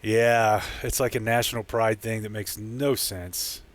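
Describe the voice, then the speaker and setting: A man's voice: lowish voice, fairly even intonation, unhurried, dry recording. A man co-hosting a casual comedy podcast, wry and jokey, laughing at his own bits. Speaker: podcast co-host.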